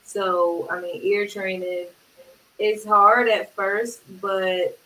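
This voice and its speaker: Bright-voiced woman producer, roomy sound. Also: mid-range voice, level tone. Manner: agreeable, talks in quick bursts, many "yeah"s. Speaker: music producer. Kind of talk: casual interview chat. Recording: roomy, distant mic with faint hiss.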